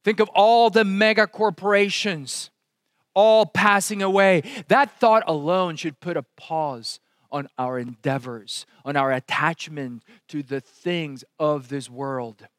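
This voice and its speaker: A man preaching a sermon, swinging from loud exclamations to hushed, intense asides. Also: fairly high pitch, takes it slowly, no echo, studio quality. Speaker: pastor.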